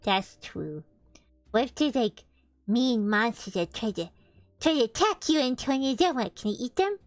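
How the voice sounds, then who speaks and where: A woman's voice: fairly high pitch, animated, normal speed, no echo. A young woman co-host chatting playfully and telling stories with animation. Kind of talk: casual chat.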